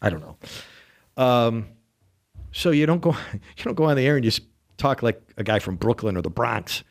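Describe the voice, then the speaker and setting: A man's voice: mid-range voice, lively intonation, normal speed, vocal fry. A man in his sixties from western New York hosting a radio talk show, rambling and chatty with frequent laughs. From western New York State. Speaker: radio host. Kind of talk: casual on-air talk.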